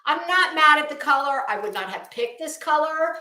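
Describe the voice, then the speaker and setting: A woman's voice: high voice, expressive, normal speed, bright, forceful tone, echoey room. A middle-aged woman giving chatty, opinionated fashion commentary in a sassy, casual way.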